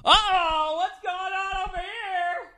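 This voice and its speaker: A man voicing a loud, nosy adult male bar guy who shouts drawn-out exclamations across the room. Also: very high voice, steady tone, voice pushed up, heavily acted.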